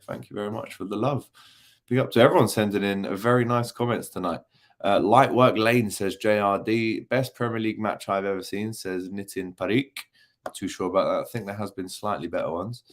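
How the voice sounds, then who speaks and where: A young man hosts a relaxed post-match livestream, reading viewer comments aloud. He talks in a loose, teasing way, full of ums and asides. His voice sits a little low. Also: fairly quick. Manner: chatty and jokey, many ums, teasing banter. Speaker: football channel host reading live chat.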